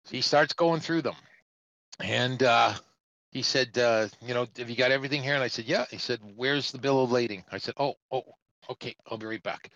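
Middle-aged trucker, chatty storyteller, mid-pitched voice, dry close sound. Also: male voice, brisk, no room sound, highs cut off. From Canada. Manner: rambling, animated, acts out the voices of other people. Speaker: truck driver telling a story on a trucking talk show. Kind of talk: casual storytelling.

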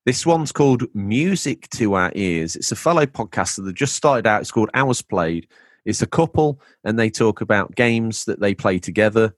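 A man's voice: lowish voice, animated, moderate pace, dry recording, studio quality. A man hosting a casual gaming podcast, joking and reading out listener messages. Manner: jokey, reads listener messages aloud. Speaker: podcast host.

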